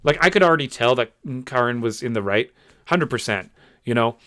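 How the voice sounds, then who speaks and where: A man's voice: mid-range voice, animated, fairly quick, a bit bright, no echo, clean studio sound. A young man hosting his own channel, giving a frustrated commentary rant with lots of fillers and repeated words. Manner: exasperated, repeats himself, many fillers.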